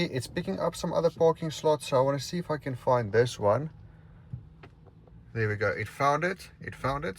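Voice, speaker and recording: A man's voice: medium pitch, slight background noise. A man, casually talking viewers through a car, thinking aloud as he goes. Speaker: car reviewer. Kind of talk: casual vlog walkthrough. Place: outdoors and inside a car.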